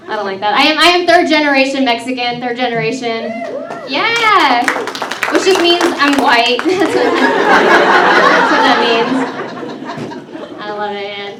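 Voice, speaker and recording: A woman's voice: high-pitched, big pitch swings, moderate pace, reverberant, distant mic, heavy background noise. A woman in her thirties from Texas, hosting a stand-up comedy show and riffing with the crowd in a chatty, self-mocking way. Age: 30s. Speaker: comedy host.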